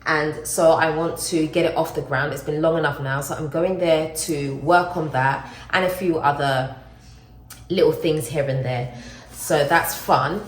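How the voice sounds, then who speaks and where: A woman chatting casually to camera in a vlog, animated and self-mocking as she shares her news. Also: low voice, unhurried, roomy sound. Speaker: vlogger.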